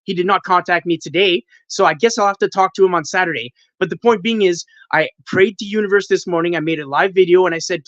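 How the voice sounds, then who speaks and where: Canadian guy calling in, high voice, swearing and worked up, muffled call sound. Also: quick pace, hardly any pauses, fairly bright tone, dry recording. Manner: profane, agitated venting. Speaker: caller, panel guest. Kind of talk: livestream call-in chat. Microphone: video call.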